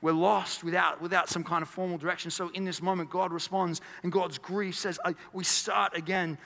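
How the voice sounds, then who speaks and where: Male pastor, sermon delivery, high bright voice, earnest and emphatic with stumbling restarts, in an echoing hall. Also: level tone, brisk, creaky. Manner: earnest, builds to emphatic peaks, stammers restarts. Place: church hall. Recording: long church hall reverb.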